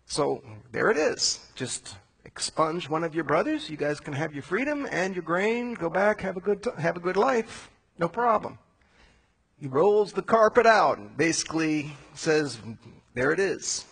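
Husky-voiced preacher telling a story. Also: male voice, a little high, unhurried, poor audio. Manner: casual, animated storytelling with slang asides. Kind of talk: sermon retelling a Bible story, conversational.

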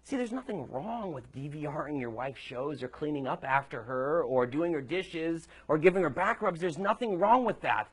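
A man's voice: fairly high pitch, moderate pace, hardly any pauses, husky. A male preacher delivering a sermon, telling a story conversationally with emphatic points.

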